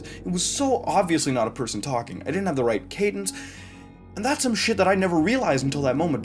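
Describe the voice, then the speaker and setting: A man reading a first-person horror story aloud in a casual, profane way, with fillers and restarts. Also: mid-range voice. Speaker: narrator. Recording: narration over music.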